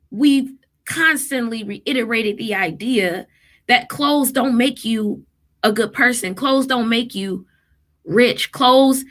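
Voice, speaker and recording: A woman in her thirties, a therapist and mother, telling parenting stories in a casual, emphatic vlog style. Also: fairly high pitch. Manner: animated, emphatic, quotes people in lively voices.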